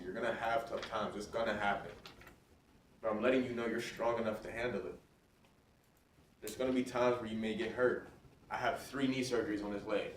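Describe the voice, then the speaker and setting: A man giving a motivational talk to students in a school hall. He speaks with energy and keeps checking in with his audience. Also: lowish voice. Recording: roomy and distant, faint noise.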